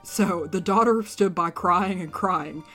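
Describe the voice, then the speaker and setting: A woman's voice: fairly low pitch, slow, fairly bright tone, faint music behind. A woman co-hosting a podcast, retelling a grim folk tale in a casual way with frequent giggles and dry asides. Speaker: podcast co-host. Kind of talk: casual storytelling chat.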